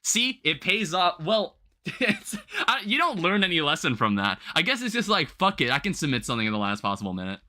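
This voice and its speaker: A young man hosting a livestream, chatting casually while gaming and telling rambling, animated stories with some swearing. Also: a little high, a little fast. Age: young adult. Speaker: livestream host.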